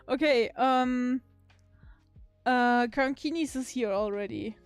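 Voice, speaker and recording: A woman's voice: high-pitched, measured pace, dry recording, soft background music. A woman livestreamer in casual chat with her viewers, giggling often and swearing casually.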